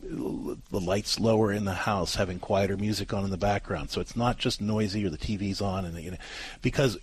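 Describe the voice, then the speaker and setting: A man's voice: fairly low pitch, fairly even intonation, brisk, breathy edge. A man co-hosting a parenting advice show, explaining at length with frequent restarts and fillers.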